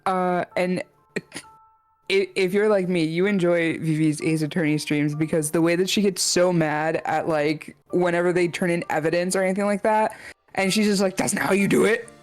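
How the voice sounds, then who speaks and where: A young woman co-streaming, chatting casually in a relaxed, rambling way with hesitant restarts. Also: fairly low pitch, moderate pace, soft background music. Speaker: co-streamer guest. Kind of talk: casual livestream chat.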